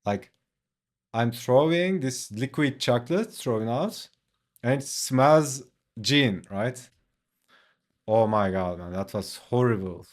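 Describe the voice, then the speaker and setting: A man who is not a native English speaker, telling a story in a relaxed, casual way while streaming his drawing. He swears, leans on "like" and laughs often. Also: medium pitch, slow, pauses often.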